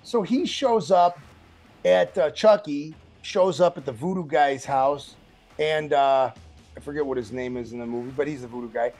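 A man's voice: on the high side, moderate pace, darkish tone, soft background music. A male co-host in casual podcast banter, joking and sarcastic, often acting out lines from the film. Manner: jokey, sarcastic, acts out quotes.

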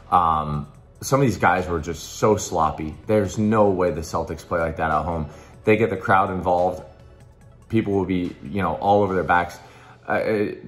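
A man with a very low voice makes a hyped, pushy pitch for his betting picks. His voice is a little hoarse, and he talks loosely, with plenty of fillers and restarts. Faint music plays underneath. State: slightly hoarse. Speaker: sports betting tipster. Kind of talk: casual promotional pitch.

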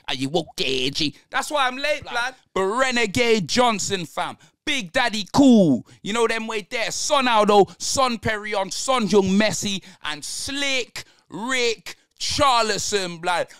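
A man's voice: high-pitched, smooth, no room sound, clean studio sound. A young man giving a live, slang-heavy football match reaction. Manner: excitable, slang-heavy banter. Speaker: football fan channel host.

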